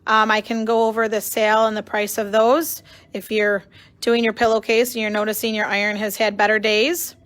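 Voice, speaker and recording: A woman's voice: medium pitch, little pitch movement, normal speed, fairly bright tone. A woman co-hosting a live sewing stream in a shop, friendly and chatty, answering viewers. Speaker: co-host, shop representative.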